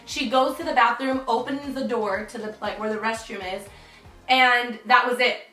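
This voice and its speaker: A woman's voice: fairly high pitch, fairly even intonation, moderate pace, bright, forceful tone. Chatty young woman telling a story. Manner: chatty, dramatic, full of "like". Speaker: vlogger. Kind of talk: storytime vlog. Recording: roomy, distant, faint music.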